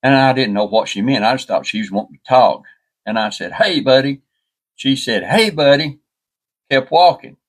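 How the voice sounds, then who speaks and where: A man's voice: medium pitch, normal speed. A man telling a story in a folksy, rambling way, often restarting with "and, and". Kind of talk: casual spoken storytelling.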